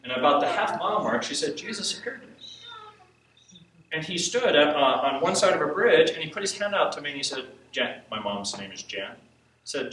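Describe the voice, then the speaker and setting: Man telling a lively sermon story. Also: fairly high pitch, brisk. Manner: animated storytelling, acts out quotes, laughs often. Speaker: preacher teaching on intercession. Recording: echoey hall from far off, faint hiss.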